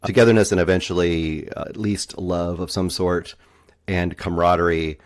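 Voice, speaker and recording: A man co-hosting a movie review podcast in casual chat, thoughtful and quick to laugh. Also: low voice, steady tone. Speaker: podcast co-host.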